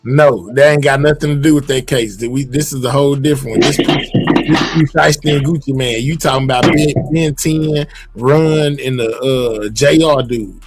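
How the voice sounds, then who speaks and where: A man's voice: medium pitch, normal speed, over music. A man hosting a livestream in casual, laid-back talk full of slang. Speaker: livestream host. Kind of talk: casual chat.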